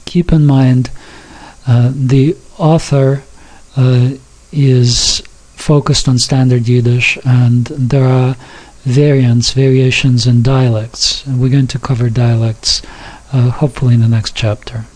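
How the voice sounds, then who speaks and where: Slow, halting man teaching pronunciation. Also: mid-range voice, little pitch movement, a little mellow. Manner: halting, many fillers and restarts, slow and careful; over-articulates example sounds and words. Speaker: Yiddish teacher. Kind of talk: informal recorded lesson, reading from a textbook.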